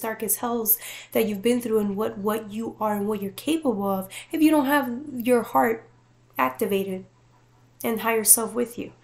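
A woman giving a casual tarot reading to viewers, talking in an animated, playful way with swearing and frequent laughter. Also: fairly high pitch. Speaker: tarot reader.

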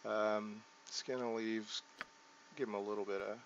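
Low-voiced man thinking aloud through game menus. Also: level tone, a little slow, creaky, highs cut off, slight background noise. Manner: thinks aloud while clicking through menus, frequent ums and self-corrections. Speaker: let's play host. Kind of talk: casual gameplay commentary.

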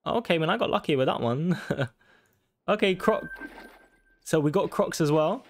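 A young man giving casual, sweary commentary on a hunting game and taunting the animals loudly. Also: on the high side, expressive, normal speed, slight background noise. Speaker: gaming YouTuber.

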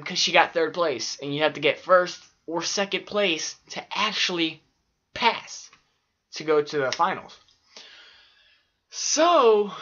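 A man's voice: on the high side, pushed and bright, muffled recording. A man telling profane, rambling stories from childhood in a casual vlog. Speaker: vlogger. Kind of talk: casual storytelling.

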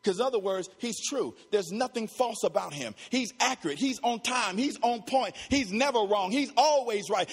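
A man preaching with a strikingly high voice. He drives his points home by repeating phrases, dropping into quiet low asides, then rising to shouted peaks. His words ring out with the long reverb of a church hall. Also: lively intonation, moderate pace, hardly any pauses, husky. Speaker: pastor. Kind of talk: sermon.

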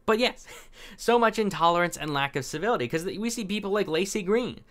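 A man's voice: sits high, animated, a little fast, fairly bright tone. A young man hosting casual political commentary, reacting to articles in a chatty, sarcastic way with lots of filler words.

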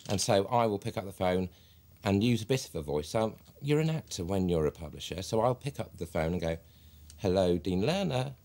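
An actor playing a stiff, self-important publisher who became a wooden amateur actor, giving a deadpan mock documentary interview. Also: male voice, deep voice, a little fast. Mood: pompous. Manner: deadpan, pompous.

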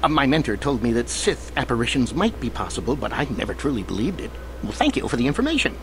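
An earnest young apprentice with a lively, rising-and-falling voice, courteous and a touch formal. Faint noise hums underneath. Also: male voice, mid-range voice, fast talker. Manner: courteous, eager, slightly formal. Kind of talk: video game voice acting.

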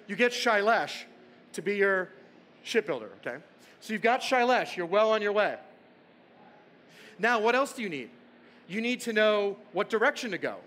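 A man with a bright, high voice gives a storytelling keynote from a conference stage. He is playful and keeps checking in with the audience through rhetorical questions. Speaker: conference speaker.

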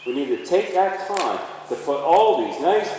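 Male horse trainer, lively and emphatic, talking through a demo; distant, roomy arena sound with faint noise. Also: fairly high pitch, a little slow. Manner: emphatic, animated, talks through each step. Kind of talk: instructional demonstration.

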